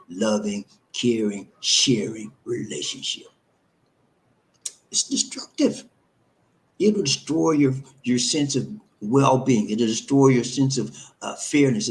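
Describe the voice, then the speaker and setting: A man's voice: mid-range voice, a little mellow, poor audio. Male host, emphatic, repetitive, preacher-like cadence, live stream advice talk.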